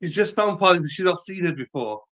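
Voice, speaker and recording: A woman's voice: fairly low pitch, expressive, fast talker, a bit bright, dull audio. A woman chatting casually on a stream while minding a toddler, distracted and soothing as she narrates what is happening. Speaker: parent streamer.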